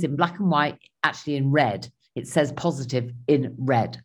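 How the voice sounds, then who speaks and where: Low-voiced woman telling a story. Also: moderate pace, hardly any pauses, breathy edge. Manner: animated, acts out her own and others' lines. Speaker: guest telling a travel story. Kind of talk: casual conversational storytelling.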